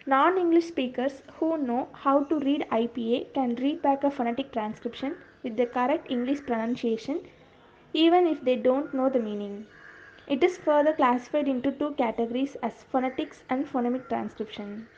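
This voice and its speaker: A woman's voice: high-pitched, normal speed, a little mellow. A woman reading a lesson on phonetic transcription aloud, spelling out sounds and example words one by one. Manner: reads out word lists sound by sound. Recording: dull lo-fi recording, faint hiss.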